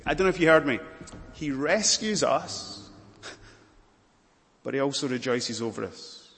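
A man preaching a sermon, earnest and expressive, swinging from raised emphasis to quiet softness. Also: medium pitch, fast, gravelly. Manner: earnest preaching, rising loud then dropping to soft. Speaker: pastor. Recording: long hall reverb.

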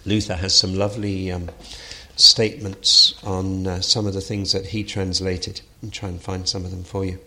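A man's voice: sits low, flat delivery, moderate pace, sharp tone. A man giving an unscripted lecture on Bible translation, thoughtful, with frequent fillers and restarts.

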